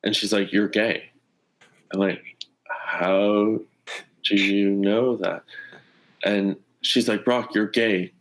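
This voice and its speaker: A man from Canada with a slightly low voice speaks in a relaxed interview. He tells a personal story with earnest energy and briefly voices the people in it. He sounds like a former athlete in his thirties. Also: takes it slowly, pauses often, a little hiss or hum. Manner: earnest, animated, acts out quoted dialogue. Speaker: former pro hockey player, guest. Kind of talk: conversational storytelling.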